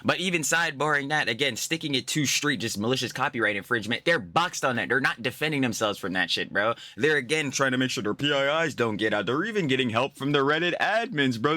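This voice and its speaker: A man's voice: medium pitch, expressive, a little fast, bright, forceful tone, dry recording. A young man giving profane, mocking reaction commentary, ranting and laughing. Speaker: commentary YouTuber.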